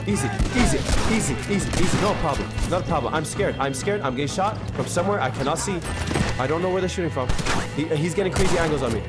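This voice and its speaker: A young man streaming a video game, giving hyped, joking commentary full of slang, swearing and trash talk. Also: on the high side. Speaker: gaming streamer. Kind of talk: casual let's-play commentary.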